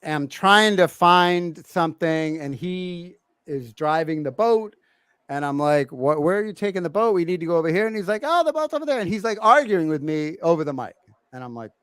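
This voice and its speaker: A man's voice: on the high side, normal speed, fairly bright tone, clean tone, no echo, clean studio sound. A middle-aged man co-hosting a podcast, telling a family story in casual chat and acting out his kids' voices. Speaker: podcast co-host.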